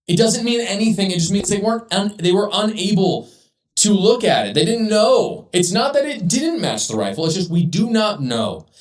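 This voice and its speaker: Male host, indignant commentary rant, animated pitch, echoey room, a bit off-mic. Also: distant mic. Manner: heated, indignant ranting.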